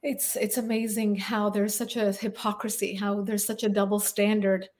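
A woman hosting an interview, brisk and affirming as she speaks. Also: medium pitch, flat delivery, a little mellow. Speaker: host. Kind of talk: interview talk.

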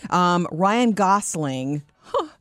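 A woman's voice: lowish voice, expressive, very slow, no room sound, clean studio sound. A woman co-hosting a radio show, chatting and reacting to callers. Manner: warm reactions, reads the call-in number. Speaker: radio co-host. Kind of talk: morning radio chat. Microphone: studio mic.

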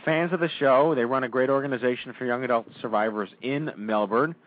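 A man's voice: medium pitch, a little fast. A man hosting a radio talk show, introducing guests with playful, teasing banter. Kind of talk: casual chat. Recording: tinny, dry phone-like audio.

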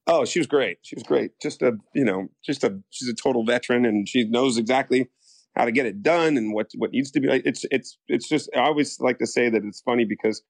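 American guy rambling thru showbiz stories, keeps restarting, mid pitch, dry close sound. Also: brisk, gravelly, no echo. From United States. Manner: rambling, animated, full of restarts and acted-out quotes. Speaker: actor, interview guest. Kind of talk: casual storytelling interview.

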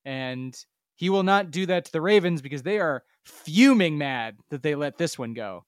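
A man's voice: fairly high pitch, animated, normal speed, no echo, studio quality. A man co-hosting a casual sports podcast, emphatic and mocking, swearing freely. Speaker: podcast co-host.

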